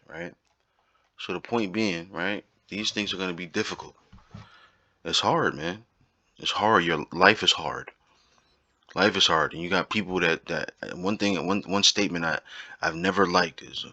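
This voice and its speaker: A man's voice: low-pitched, sing-song, a little slow, vocal fry, long pauses, sharp tone, no echo. A man giving an informal Bible teaching, talking emphatically and repeating his points, often checking in with "right?". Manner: emphatic, repetitive, keeps asking "right?".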